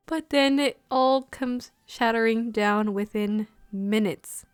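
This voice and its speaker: A young woman casually reviewing an anime episode, talking excitedly with lots of fillers and bursts of emotion. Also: mid-range voice, dry recording, studio quality. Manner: gushing, excitable, heavy use of "like".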